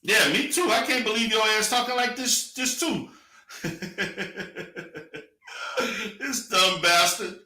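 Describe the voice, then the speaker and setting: High, bright-voiced mocking male commentator. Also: slow, long pauses, roomy sound. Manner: crude, laughing, mocking. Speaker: livestream commentator.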